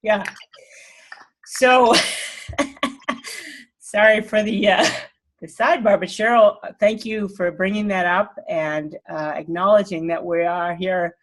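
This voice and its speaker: A woman's voice: mid-range voice, takes it slowly. Woman, host, video call, emotional, laughs often, casual reading. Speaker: host of an online group call. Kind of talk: casual talk and reading aloud.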